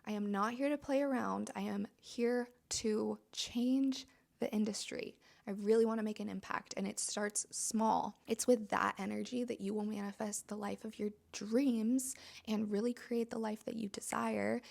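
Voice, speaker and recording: A woman hosts a podcast with a chatty, emphatic, motivational monologue, peppering her sentences with "like." Her voice is medium-pitched, gravelly and darkish, with a steady tone and moderate pace.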